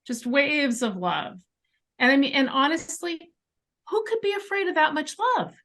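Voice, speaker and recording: Higher-voiced woman telling a story. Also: normal speed. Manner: animated storyteller, emphatic asides. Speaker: interview guest, clairvoyant. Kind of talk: storytelling in a conversation. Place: bedroom at home.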